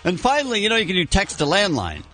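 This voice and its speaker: A man's voice: high-pitched, huge pitch swings, fast, bright, forceful tone, faint music behind. A man co-hosting a morning radio show, dry and teasing in casual banter.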